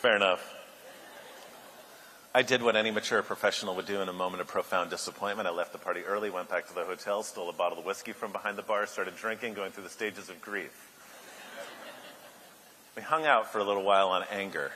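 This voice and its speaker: A man giving a keynote speech at a luncheon, an animated storyteller who builds to loud outbursts. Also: fairly low pitch, quick pace, slight background noise. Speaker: keynote speaker. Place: large banquet hall. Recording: echoey hall, faint ambience.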